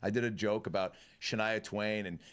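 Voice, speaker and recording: A man, a comedian and podcast host, telling a story in an animated, fast-talking casual way. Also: lowish voice, smooth.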